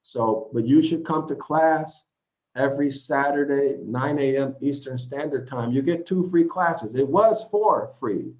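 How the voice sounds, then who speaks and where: A man's voice: medium pitch, unhurried, darkish tone. A man teaching scripture who reads verses aloud, explains them, and keeps checking in with "okay?" and "right?". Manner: repeats points, asks "okay?" and "right?". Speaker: Bible teacher. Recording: slightly dull lo-fi audio.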